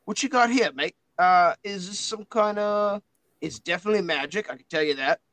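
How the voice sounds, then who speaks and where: A man's voice: sits high, moderate pace, a bit bright, dry recording, voice pushed up, poor audio. A man voicing a cheeky, self-important male spellbook familiar with a New Zealand accent, in a tabletop game. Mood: chirpy. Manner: chirpy, humming, self-important.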